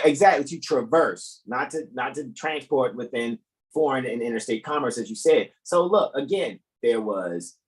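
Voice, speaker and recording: A man hosting a live talk stream, emphatic and profane, often bursting into loud, incredulous questions. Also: on the high side, rough recording. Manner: profane, keeps asking "right?". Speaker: host. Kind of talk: animated livestream talk.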